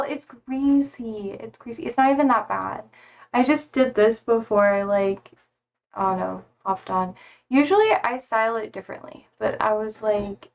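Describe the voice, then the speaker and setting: Chatty, laughing young woman streamer. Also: a little high. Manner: chatty, laughs often, swears casually, talks to chat. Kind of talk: casual live-stream chat. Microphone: streaming setup.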